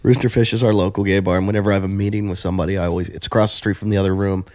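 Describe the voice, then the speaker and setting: A man's voice: low voice, steady tone, very fast, a little mellow, dry recording, clean studio sound. A man hosting a podcast in casual chat, telling stories and acting out both sides of conversations. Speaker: podcast host.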